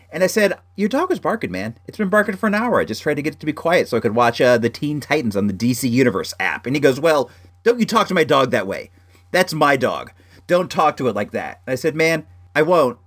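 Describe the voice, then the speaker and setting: A man spins a casual anecdote with a lively, swooping delivery, his voice sitting a touch higher than most men's. He leans on "like" at every turn and keeps the energy up as he talks straight to his listeners. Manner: animated, heavy use of "like" fillers. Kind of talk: casual storytelling.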